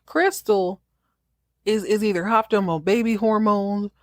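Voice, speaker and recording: A woman podcast host giving a casual show recap, telling the story in an animated, joking way. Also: medium pitch, unhurried, dry recording, clean studio sound.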